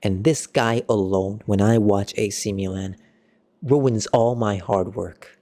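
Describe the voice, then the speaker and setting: A young man giving a casual football match reaction, excitable and ranting, with sudden jumps in pitch. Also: takes it slowly. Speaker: football fan vlogger.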